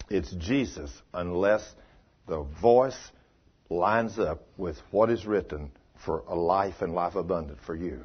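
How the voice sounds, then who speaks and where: Folksy husky older preacher. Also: male voice, deep voice, muffled recording. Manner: folksy, storytelling, swings between loud and hushed. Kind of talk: sermon.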